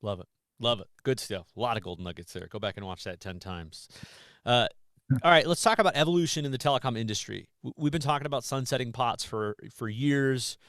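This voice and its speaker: A man's voice: medium pitch, a little fast, fairly bright tone, smooth, no room sound, studio quality. A man hosting a podcast interview, upbeat and encouraging. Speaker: podcast host. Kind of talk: casual interview.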